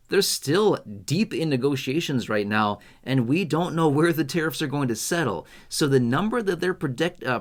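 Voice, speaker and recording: Animated man commenting on finance. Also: mid-range voice. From United States. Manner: animated, conversational, asks rhetorical questions. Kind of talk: casual commentary to camera.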